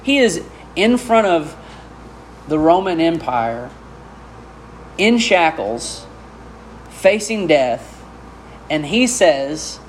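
Slow, emphatic preacher man. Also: a little high, very animated, a little hiss or hum. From Arkansas. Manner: emphatic preaching with rhetorical questions. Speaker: pastor. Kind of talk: sermon.

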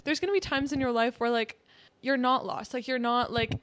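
A young woman in her early twenties co-hosts a casual podcast, her voice set a little high. She rambles through her thoughts with plenty of fillers. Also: fairly even intonation, a little fast, a bit bright, a little hiss or hum. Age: early 20s. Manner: rambling, filler-heavy, laughs often. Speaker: podcast co-host. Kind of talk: casual chat.

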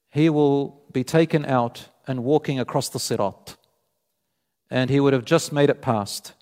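A man preaching a sermon, retelling a story with animated delivery and voicing both sides of the dialogue. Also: mid-range voice. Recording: long hall reverb.

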